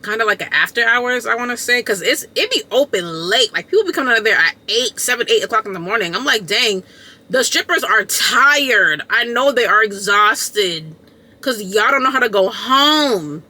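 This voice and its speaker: Telling a story for her vlog, this woman creator is lively and emphatic, slangy and casual, hammering points home by repeating them. She speaks at a normal speed with a fairly high pitch.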